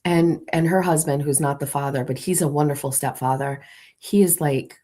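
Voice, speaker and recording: A woman's voice: sits low, fairly even intonation, moderate pace, warm tone. A woman hosting a morning show, playfully walking her audience through an imagined scene in a theatrical storytelling manner. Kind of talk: comic storytelling to a live audience.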